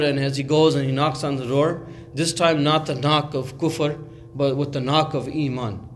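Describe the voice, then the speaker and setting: A man's voice: mid-range voice, fairly even intonation, moderate pace, faint music behind. A man telling a story in a conversational sermon, with many fillers and restarts and recited Arabic phrases. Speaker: Islamic speaker.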